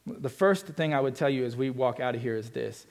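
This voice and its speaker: A man preaching a sermon as pastor, earnest and emphatic, swinging between forceful stretches and quiet ones. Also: mid-range voice, a little fast.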